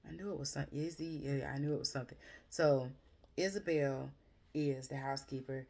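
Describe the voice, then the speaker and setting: A woman's voice: extremely low pitch, normal speed, gravelly. A woman recapping a book in a casual, rambling chat, gushing about it and correcting herself often. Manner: rambling, chatty, with frequent fillers and self-corrections; animated, gushing and expressive. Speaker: book reviewer.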